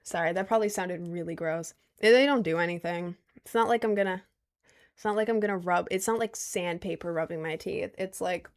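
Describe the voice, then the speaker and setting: A woman of twenty chatting casually on a stream, answering viewer questions in a rambling, giggly way with lots of restarts. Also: mid-range voice. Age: 20s.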